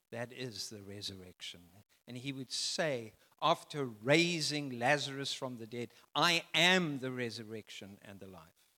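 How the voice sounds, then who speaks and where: A man preaching a sermon, emphatic, swinging from loud declarations to soft, quiet phrases. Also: mid-range voice, animated, unhurried, big-room sound. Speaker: pastor.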